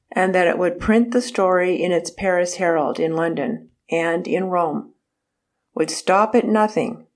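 A woman narrates a biographical book in a measured, careful reading voice. She takes her time over every phrase, and her voice sits a little low. She reads the quotation marks aloud. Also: a little mellow.

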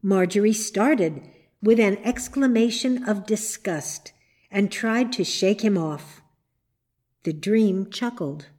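A woman narrating a storybook in a measured, unhurried reading voice. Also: medium pitch, dark tone.

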